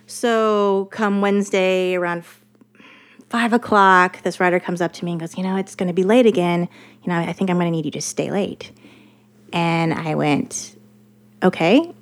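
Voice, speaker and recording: Profane, animated woman telling a story. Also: lowish voice, moderate pace. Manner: animated, profane, quotes others in lively voices. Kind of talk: casual storytelling chat.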